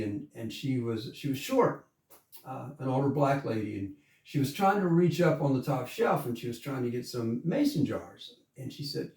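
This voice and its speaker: Speaking in a darkish, medium-pitched voice, a folksy man from coastal Georgia, USA, tells a story and then performs a country song. He's a singer and storyteller, heard from a distance in a roomy recording with guitar.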